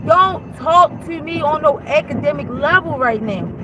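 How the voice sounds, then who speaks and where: Woman with a high voice, heated storytime rant, blunt, swears freely. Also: animated, moderate pace, dull audio, background noise. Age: adult. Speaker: mother venting to viewers.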